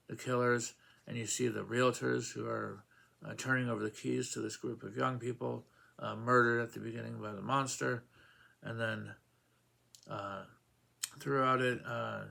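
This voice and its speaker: A man's voice: medium pitch, vocal fry, sharp tone. A man casually reviewing comic books, rambling with many fillers and acting out quoted lines in a raised voice.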